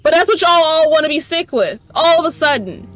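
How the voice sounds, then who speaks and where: Woman let's-play host: high voice, profane, sarcastic ranting commentary. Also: lively intonation, a little fast, fairly bright tone, faint music behind. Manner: talks to the game characters. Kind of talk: gameplay commentary.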